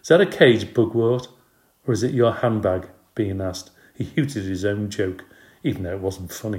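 A man reading a children's storybook aloud in a steady, expressive way. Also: fairly low pitch. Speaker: audiobook narrator. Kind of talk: storybook narration.

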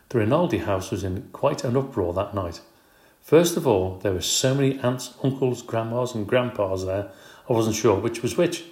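A man reading a children's storybook aloud in an expressive, brisk way. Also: fairly low pitch. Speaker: audiobook narrator. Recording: roomy echo.

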